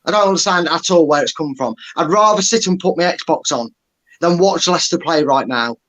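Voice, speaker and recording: A man's voice: fairly high pitch, expressive, a little fast, a bit bright. A man giving a blunt, exasperated, sweary rant about his team's performance. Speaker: football fan pundit. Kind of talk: angry fan rant.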